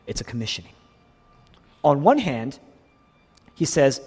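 A man preaching a sermon as pastor to his congregation, dropping to hushed whispers and then rising to loud, emphatic lines. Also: fairly high pitch, sing-song, normal speed, pauses often, husky. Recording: long hall reverb.

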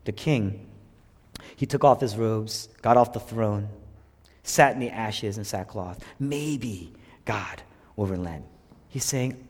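A man preaching a sermon, swinging between loud emphatic preaching and hushed, whispered passages. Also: fairly low pitch, a little slow, breathy edge. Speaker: pastor. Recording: long hall reverb.

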